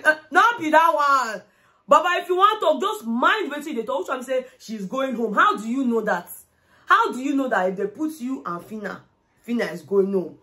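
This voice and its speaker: A young woman with a Nigerian accent giving an animated, casual recap of a reality show. She switches freely between English and Pidgin and acts out what people said. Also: a little high, a little fast. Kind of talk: casual commentary.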